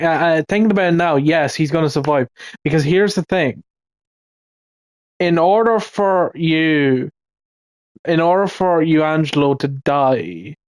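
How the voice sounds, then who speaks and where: A man's voice: on the high side, a little mellow, no room sound. A man giving casual, ranting commentary in a rambling way, swearing often and restarting his sentences. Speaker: video commentator.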